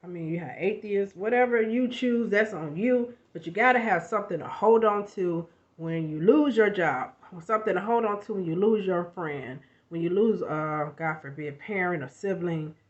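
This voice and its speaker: A woman vlogging casually about self-help, chatty and animated, with frequent asides and a slight cough after illness. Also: on the low side, moderate pace, few pauses. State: recovering from covid, coughing. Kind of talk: casual motivational vlog. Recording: lo-fi home recording.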